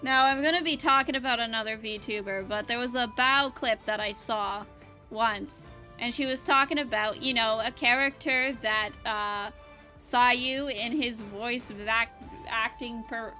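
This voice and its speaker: A woman's voice: fairly high pitch, normal speed, sharp tone, soft background music. A woman VTuber chatting casually while gaming, giggling often and rambling with restarts. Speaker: VTuber streamer. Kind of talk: casual live-stream chat while gaming.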